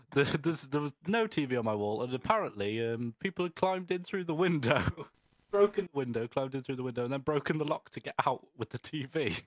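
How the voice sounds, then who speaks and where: A man chats on a podcast, his pitch leaping up and down as he spins an anecdote. He laughs often between phrases. The sound is dry and close. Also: fairly quick, dry recording. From English West Midlands. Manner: laughing storyteller, animated. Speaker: podcast co-host. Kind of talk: casual chat.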